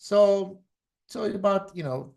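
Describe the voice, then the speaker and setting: A man's voice: high voice, unhurried, gravelly, darkish tone. A man hosting a livestream podcast, ranting heatedly and swearing often, with many restarts and trailing asides. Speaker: podcast host.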